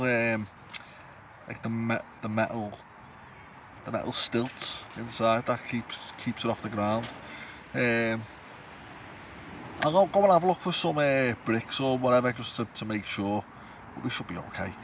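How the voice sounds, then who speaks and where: A man's voice: medium pitch, normal speed. Chatty man camping outdoors. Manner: rambling, chatty, self-mocking. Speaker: vlogger. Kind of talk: casual chat to camera. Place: campsite outdoors. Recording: outdoor noise, passing traffic.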